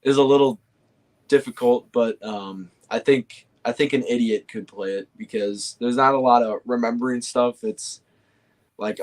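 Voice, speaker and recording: A young man chatting casually and easily, often pausing with fillers and restarting his sentences. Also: mid-range voice, darkish tone. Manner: easygoing, hesitant with fillers and restarts. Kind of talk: casual chat.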